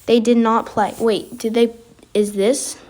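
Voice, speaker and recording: A woman giving casual, excitable commentary while playing a basketball video game, reacting aloud as she goes. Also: on the high side, a little slow. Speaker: gaming video creator.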